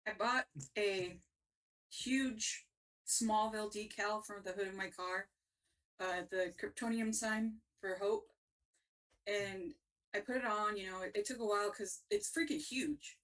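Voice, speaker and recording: A woman's voice: medium pitch, a little slow, distant mic. A woman co-hosting a casual talk show, telling funny stories with lots of laughs. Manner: animated, laughing storyteller. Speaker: podcast co-host. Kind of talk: casual storytelling.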